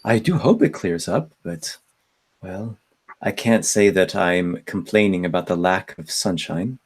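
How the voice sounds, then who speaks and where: A man's voice: sits low, unhurried, exaggerated voice. A man voicing a gracious, persuasive madam who hosts paying guests, speaking courteously in a tabletop game. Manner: smooth, courteous, persuasive host talk. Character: gracious female madam of a house.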